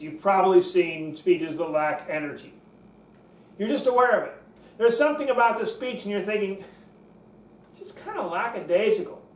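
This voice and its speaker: A man teaching public speaking, who jumps his pitch up to show energy and drops it down to show authority. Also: distant mic. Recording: echoey room, voice from off the mic.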